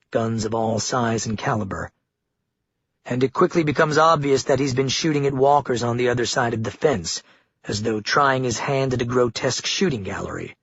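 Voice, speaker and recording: A man narrates a grim audiobook in a steady, grave voice with a husky, breathy grain. His pitch sits in a middle range for a man. The recording is dry with no room sound and slightly dull, lacking crisp highs. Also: no room sound.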